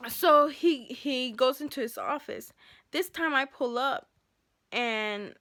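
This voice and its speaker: A woman telling an unscripted story of a clash at work straight to camera. She talks heated and animated, addressing her viewers like a close friend. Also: high voice, slow pace, no echo. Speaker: school bus driver.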